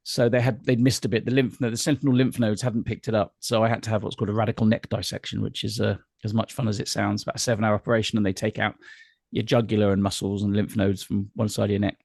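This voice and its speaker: A man's voice: fairly low pitch, level tone, fast talker, creaky, a little mellow, dry recording. Candid British man, dry close sound. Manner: candid, wry, hesitant restarts. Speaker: guest entertainer. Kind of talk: interview conversation.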